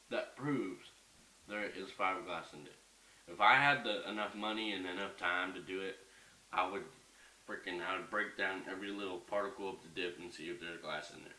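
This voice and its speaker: A young vlogger rants in his bedroom at home, heated, profane and rambling as he goes, in a deep, bright, forceful voice. The casual home vlog was recorded in an echoey room with the mic at a distance and faint hiss.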